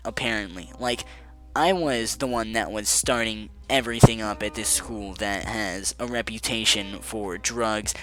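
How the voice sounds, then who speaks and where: A man's voice: medium pitch, a bit bright. A young man telling a casual storytime vlog in a sarcastic, joking way, with bursts of cursing. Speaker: vlogger.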